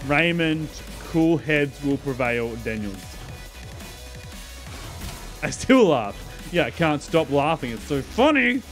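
A man's voice: fairly high pitch, takes it slowly, long pauses, soft background music. A man streaming a video game live, bantering and joking with his chat in a sarcastic, playful way and laughing often.

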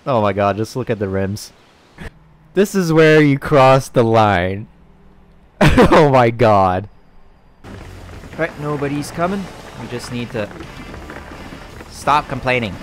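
A man giving sweary, animated let's-play commentary as a gaming YouTuber, laughing often. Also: mid-range voice, slow pace, pauses often, soft background music.

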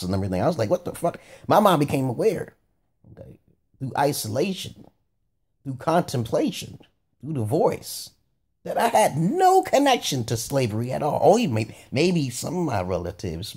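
Husky man ranting with wild pitch swings. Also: a little mellow. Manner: rambling, cursing, laughing asides. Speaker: vlogger. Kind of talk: profane rambling monologue.

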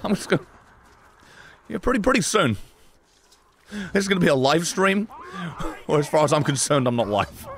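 A man giving sarcastic, excitable let's-play commentary, swearing often and talking back to characters in the game. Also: a little high, moderate pace, long pauses. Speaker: gaming streamer.

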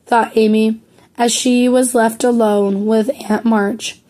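A hoarse woman reading a classic novel aloud slowly and carefully, with a few slips. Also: a little high, little pitch movement, dark tone. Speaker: audiobook reader. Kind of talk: amateur audiobook reading.

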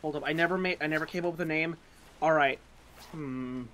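A man's voice: on the high side, fairly quick, a bit bright. A man playing a multiplayer game with friends, teasing and swearing in casual chat. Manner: teasing and profane.

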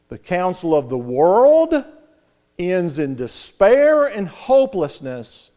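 Middle-aged male pastor, sermon delivery, slow deliberate pace, loud stresses and quiet asides. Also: high voice, very animated. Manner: emphatic, swings from loud stress to hushed asides.

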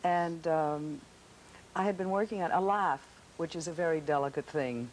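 A woman's voice: low voice, moderate pace, low-quality recording. Woman actress telling stage stories, laughs a lot, faint hiss in the background. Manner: animated storytelling with frequent laughs. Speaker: actress and talk show guest. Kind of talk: casual chat. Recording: faint hiss on old TV audio.

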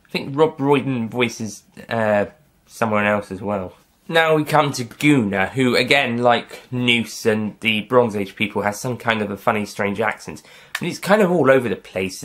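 A man's voice: medium pitch, a bit bright. A man giving a casual, rambling spoken film review, correcting himself often and dropping in light jokes. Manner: rambling, self-correcting, light joking asides.

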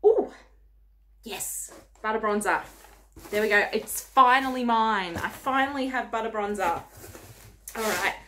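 A woman's voice: fairly high pitch, a little slow, long pauses, bright, forceful tone, slight background noise. A young woman unboxing gifts for her vlog, gushing, gasping and squealing with delight. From Australia. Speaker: beauty vlogger.

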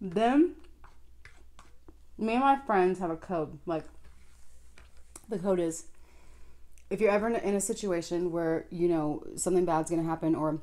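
A woman's voice: fairly low pitch, moderate pace, long pauses, a little hiss or hum. A young adult woman telling a storytime vlog while eating, laughing often and acting out the voices in her story. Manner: lively, laughing, acts out quoted voices. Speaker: vlogger.

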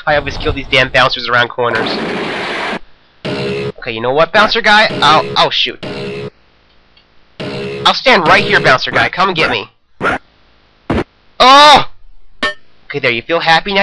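Young guy doing let's play commentary, bright sharp voice, goofy and rambling, bit of hiss. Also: a little high, very animated, normal speed, pauses often, low-quality recording. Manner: rambling, jokey, talks to himself. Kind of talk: game commentary.

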